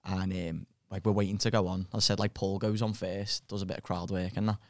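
A man's voice: deep voice, little pitch movement, a little fast, darkish tone, no echo, clean studio sound. A male comedian telling rowdy gig stories on a podcast, laughing as he talks and swearing casually. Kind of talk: casual chat, storytelling.

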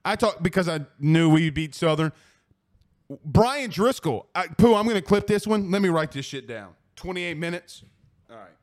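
A man's voice: high-pitched, expressive, moderate pace. A man hosting a sports talk radio show, ranting in a profane, fired-up way and hammering his points through repetition.

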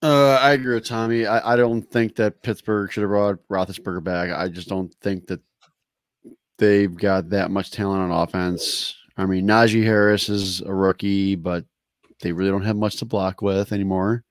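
A man's voice: low voice, fairly even intonation, normal speed, smooth, no echo. A man co-hosting a casual sports talk show, blunt and sarcastic, swearing casually. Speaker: co-host.

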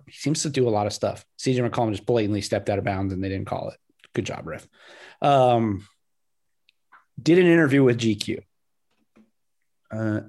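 A man co-hosting a casual sports podcast, telling a story with animated energy and laughing between lines. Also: mid-range voice. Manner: animated storyteller, reading quotes aloud and laughing. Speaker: podcast co-host.

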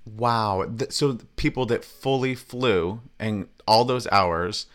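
Low-voiced chatty male podcast co-host. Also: a bit bright. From Southern California. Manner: chatty, laughs often, quick asides. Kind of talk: casual chat.

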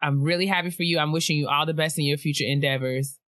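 A young woman co-hosting a casual chat show, reading out listener emails with lively, laughing asides. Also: low-pitched, quick pace, dry recording, studio quality. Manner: animated, laughing often, playful asides. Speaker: podcast co-host.

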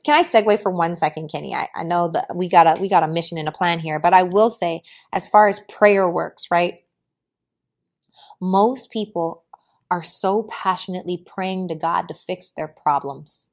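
Woman, podcast host; animated motivational talk that shifts from loud, emphatic preaching to quiet low asides. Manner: animated, preachy, talks to listeners as y'all.

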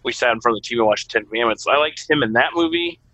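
A man's voice: mid-range voice, rapid-fire, sharp tone, no room sound, poor audio. A man co-hosting a podcast, chatting about movies in an easygoing, joking way. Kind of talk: casual movie-discussion chat.

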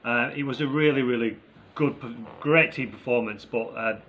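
A man's voice: medium pitch, normal speed, highs cut off, a little hiss or hum. A man co-hosting a casual football chat, reviewing a match in an upbeat, chatty way with plenty of fillers. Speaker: football podcast co-host.

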